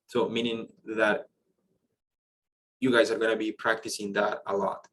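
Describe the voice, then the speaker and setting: A man's voice: on the low side, little pitch movement, unhurried, a bit bright, poor audio. A man teaching a French pronunciation lesson to students, explaining patiently with frequent fillers and restarts. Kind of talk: online class lesson.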